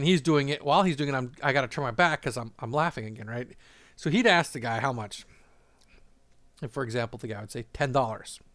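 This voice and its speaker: A man's voice: medium pitch, fairly bright tone, dry recording. Chuckling man rambling through a memory. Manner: rambling, laughs often, many fillers and restarts. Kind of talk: casual storytelling monologue.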